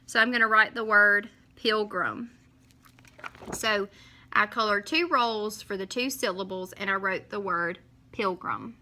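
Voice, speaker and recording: A woman teacher, talking young children through a lesson in a slow, sing-song way and stretching out each syllable when she counts. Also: medium pitch, steady tone, pushed and bright, a little hiss or hum.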